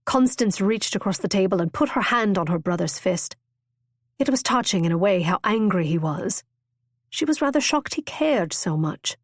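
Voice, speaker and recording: A woman narrating a romance audiobook in a measured, expressive reading. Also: mid-range voice, dry recording, clean studio sound. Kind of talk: scripted narration.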